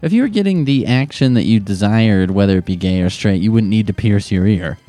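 Comedic advice host, young man, profane deadpan-sarcastic delivery, dark mellow tone. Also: fairly low pitch, fairly quick, dry recording, soft background music.

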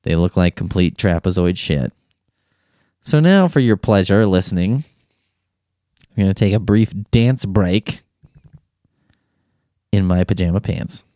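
Rambling man with a lively voice. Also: sits low, unhurried, pauses often, no echo, clean studio sound. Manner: rambling, irreverent, jokey asides. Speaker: podcast host. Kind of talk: casual comedic monologue. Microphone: studio microphone.

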